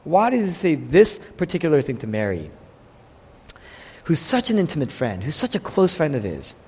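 A husky-voiced man preaches with a fairly high, lively pitch that rises and falls constantly. His words ring out with a long reverb, as in a large church hall. He drives his points home through repetition. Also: normal speed. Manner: animated preaching, quotes figures in voiced asides. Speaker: pastor. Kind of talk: sermon.

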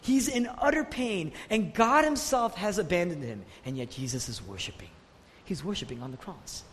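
A man preaches in a fairly high voice that leaps up and down in pitch as he drives his points. He asks rhetorical questions and swings from loud declarations to hushed, low passages. His voice rings with a long echo over a faint hum of room noise. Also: expressive, normal speed. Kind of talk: sermon.

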